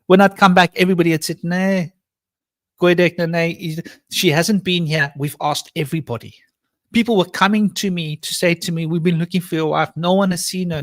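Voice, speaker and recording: Man, storytelling, fairly high voice, acts out quoted voices, dry close sound. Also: a bit bright, no echo. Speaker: panel guest. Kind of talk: storytelling in a live panel talk.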